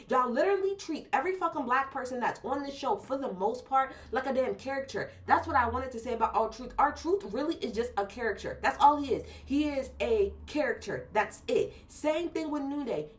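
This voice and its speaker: A woman talks straight at the camera in a casual review. Her voice sits a little high, and her delivery is blunt and animated, heavy on slang and swearing. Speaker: YouTube wrestling show reviewer. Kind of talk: casual video review rant.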